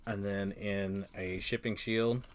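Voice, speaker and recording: A man chatting casually on a livestream while he sorts cards, rambling with many pauses and restarts. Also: on the low side, flat delivery, a little hiss or hum. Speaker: card-business streamer.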